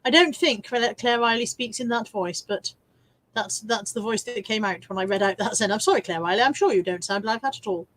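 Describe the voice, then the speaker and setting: A woman's voice: mid-range voice, fairly quick, fairly bright tone. An English woman hosting a casual live stream from home, chatting and teasing herself as she reads out viewer comments.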